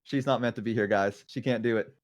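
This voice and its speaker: A young man with a Southern US accent chats casually as a livestream host. He rambles and hesitates, piling up fillers as he tells stories. His voice sits at a middle pitch and sounds dry and close. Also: steady tone, fast talker, no room sound. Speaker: streamer host.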